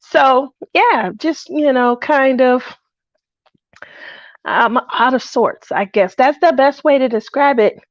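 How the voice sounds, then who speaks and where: A middle-aged woman hosting a craft livestream, talking casually and in a rambling way, feeling low and lonely, greeting viewers by name. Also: takes it slowly, dry recording, highs cut off.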